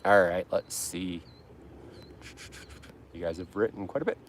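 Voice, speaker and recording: Male lawn care streamer from Utah, lowish voice, casual rambling chat with viewers, self-correcting and playful. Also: lively intonation, a little slow, a little hiss or hum. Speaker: lawn care livestream host. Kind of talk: casual livestream chat reading comments.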